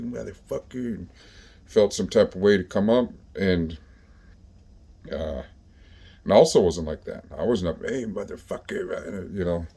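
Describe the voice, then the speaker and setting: A man's voice: low voice, mellow. A man casually telling stories from his own past in profane, laid-back street talk full of fillers. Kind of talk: casual storytelling.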